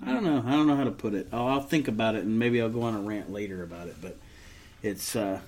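A man's voice: on the low side, quick pace, a little mellow. A man co-hosting a podcast in casual chat, ranting and swearing freely, often restarting sentences and joking at his own expense. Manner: many restarts and trailing off. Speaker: podcast co-host.

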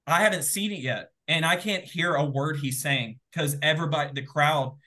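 A fairly high-voiced man retells an exciting moment as a guest in a casual interview. He talks in an excitable, animated rush, stacking up fillers and little asides as he goes. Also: normal speed. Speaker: guest, former game show contestant.

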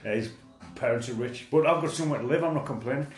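A man's voice: medium pitch, quick pace, echoey room, soft background music. A man co-hosting a casual podcast, sweary and self-mocking, often restarting his sentences. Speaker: podcast co-host. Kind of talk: casual chat.

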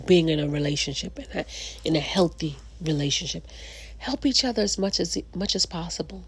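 Casting: chatty female podcast host, husky low-ish voice, dry close mic. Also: dry recording. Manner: chatty, many fillers and restarts, laughs often. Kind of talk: casual relationship talk.

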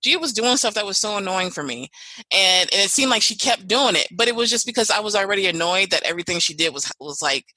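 A podcast host with a bright, crisp voice, recorded dry and close. The host speaks earnestly and openly. Stories come out expressively, with lively swings in tone. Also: mid-range voice, quick pace, dry recording, poor audio. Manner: earnest, expressive, animated when telling stories. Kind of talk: conversational interview.

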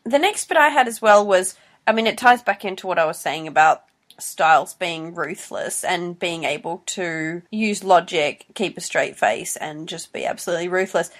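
A woman's voice: lowish voice, normal speed. A woman co-hosting a podcast, analyzing a TV show in casual chat and thinking aloud. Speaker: podcast co-host.

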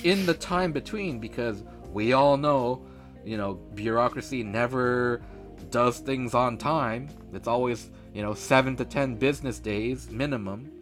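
A man co-hosts a casual podcast and tells a story in an animated, profane rant. He acts out both sides of a phone call. His voice sits at a middle pitch, with faint music in the background. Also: measured pace. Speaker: podcast co-host.

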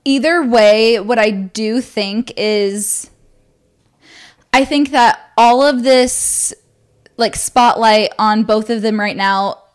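A young woman co-hosts a casual podcast conversation. She speaks in a measured, easygoing way and often pauses with a quick um before she goes on. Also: on the high side, smooth. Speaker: podcast co-host. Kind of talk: casual chat.

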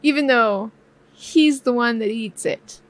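A woman co-hosting a casual chat with her husband, telling a story in an animated, playful way with frequent laughter and acted-out quotes. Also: a little high, a little slow, no room sound. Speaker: co-host of a couple's channel.

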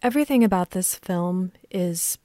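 A woman's voice: on the low side, normal speed, warm tone, no room sound. Chatty woman, dry close mic. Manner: chatty, laughs easily. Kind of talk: casual film chat.

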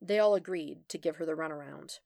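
A woman narrates a fan story aloud in a steady, even way. Her voice sits low, and the sound is close and dry with no room around it. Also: brisk, creaky, no room sound. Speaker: podfic reader. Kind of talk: scripted narration.

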